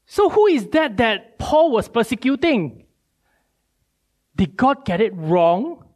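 A male preacher, giving a sermon with animated storytelling and many rhetorical questions. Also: very high voice, takes it slowly.

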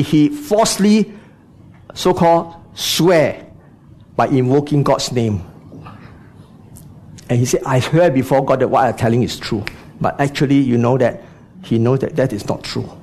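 A man's voice: fairly high pitch, darkish tone. A man preaching a sermon, speaking to the congregation with frequent rhetorical questions and "you know" asides.

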